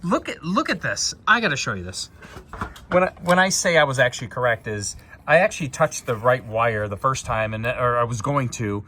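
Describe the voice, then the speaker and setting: A man's voice: mid-range voice, sing-song, normal speed, pushed and bright, a little hiss or hum. A man chatting casually as he fixes an RV outdoors, rambling and often correcting himself. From United States. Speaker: RV repair vlogger. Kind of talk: casual how-to vlog.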